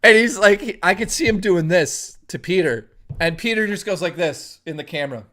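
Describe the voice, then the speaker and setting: A man streaming from home, telling a long anecdote to his chat in a casual, profane, lively way. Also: sits high, moderate pace.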